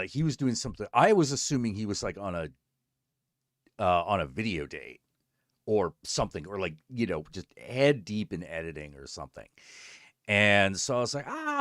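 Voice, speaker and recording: Animated, swearing male streamer telling stories. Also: deep voice, no room sound, studio quality. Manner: animated, profane, acts out both sides of conversations. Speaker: streamer host. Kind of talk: casual storytelling chat.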